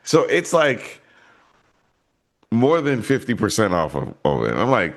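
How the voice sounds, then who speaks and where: Low-voiced man rambling on a podcast. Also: wildly swooping pitch, a little slow, gravelly. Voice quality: rambling, many restarts and fillers. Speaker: podcast co-host. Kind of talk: casual movie podcast chat.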